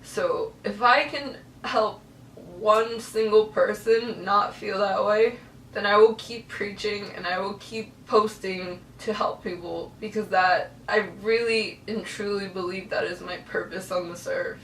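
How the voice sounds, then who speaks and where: A woman's voice: mid-range voice, fairly even intonation, unhurried, a bit bright, distant mic, a little hiss or hum. A young woman telling a personal story to camera, earnest and emotional. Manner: earnest, emotional, tearful at times. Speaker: vlogger. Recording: echoey room, voice a bit off-mic.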